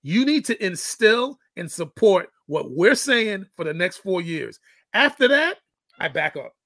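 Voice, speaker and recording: A man's voice: sits high, big pitch swings, measured pace, creaky, a bit bright, dry recording. A middle-aged man and father telling a parenting story in casual chat, acting out the quoted lines. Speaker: guest, fitness coach and father.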